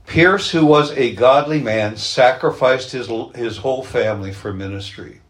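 A man preaching a sermon, telling illustrative stories in an earnest manner and slowing down on key phrases. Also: mid-range voice. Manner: earnest storytelling, slows down for emphasis.

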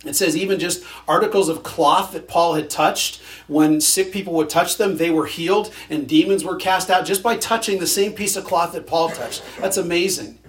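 A man's voice: fairly high pitch, moderate pace, few pauses. A male pastor preaching a sermon in a conversational way, with dry sarcastic humor.

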